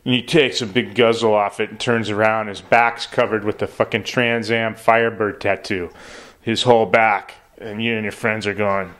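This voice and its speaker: A man's voice: on the low side, little pitch movement, moderate pace, fairly bright tone. A man doing a rambling, profane stand-up monologue in a laid-back way. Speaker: comedian.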